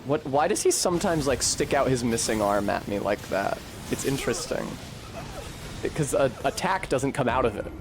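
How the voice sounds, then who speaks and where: A man's voice: mid-range voice, animated, normal speed, over music. A man streaming a game live, cursing and mocking himself as he plays. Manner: profane, self-mocking, exclamatory. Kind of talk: live gameplay commentary.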